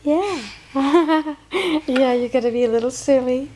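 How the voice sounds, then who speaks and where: A woman's voice: high-pitched, measured pace, warm tone, a little hiss or hum. A young woman filming her toddler at home, coaxing her in a sing-song voice of baby talk. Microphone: handheld camera.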